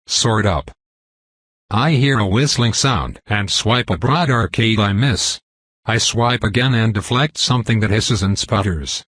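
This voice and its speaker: A man's voice: on the low side, a bit bright, breathy edge, no echo. A man narrating first-person fiction in a clipped, intense, dramatic reading. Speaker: audiobook narrator.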